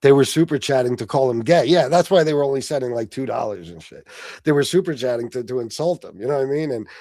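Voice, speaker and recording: This livestream host, of Sicilian heritage, is a fast-talking, expressive storyteller with a warm, mid-range voice, swearing and laughing heavily as he reads his chat aloud and replies. The audio is dry, clean studio sound.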